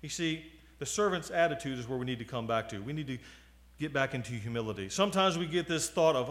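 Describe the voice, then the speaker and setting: A man in his forties preaching a sermon, moving from loud appeals to quiet asides. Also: on the high side, lively intonation, fairly quick. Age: 40s.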